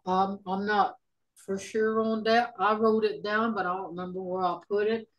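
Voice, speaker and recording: A middle-aged woman teaching a casual online language class over a video call, unhurried and folksy, thinking aloud with many ums. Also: medium pitch, fairly even intonation, lo-fi sound.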